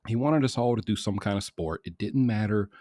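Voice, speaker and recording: A man's voice: fairly low pitch, brisk, mellow, dry recording, clean studio sound. A man hosting a casual morning podcast from a small hot room at home, talking in a rambling, chatty way that corrects itself as he goes. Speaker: podcast host. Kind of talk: casual chat.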